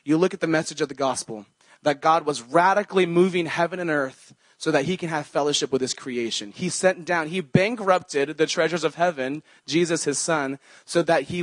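A young male pastor preaches in an earnest, conversational manner and weaves scripture quotes into his talk. His voice sits a little high for a man, and the recording is dry and close. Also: a little fast, no echo. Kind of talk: sermon.

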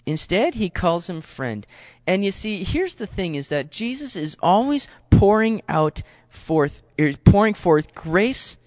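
A man's voice: sits high, very animated, unhurried, few pauses, dry recording. Earnest, conversational male preacher, dry and muffled lo-fi sound. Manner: chatty and earnest, with frequent repeated words and asides. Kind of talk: conversational sermon. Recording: dull lo-fi recording, dry.

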